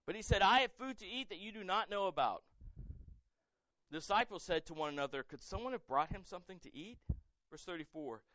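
Male pastor, high-pitched, dry and slightly dull sound, lively sermon delivery. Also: brisk, dry recording. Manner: animated, acts out quoted voices, rises to loud emphatic peaks.

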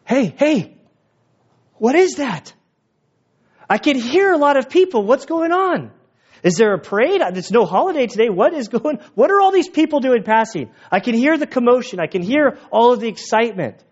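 Guy doing a high-pitched blind beggar, eager and pushy, muffled old recording. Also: big pitch swings, full character voice. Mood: excited, urgent. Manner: rapid, urgent questioning. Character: blind adult male beggar, eager and excited. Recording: dull lo-fi recording.

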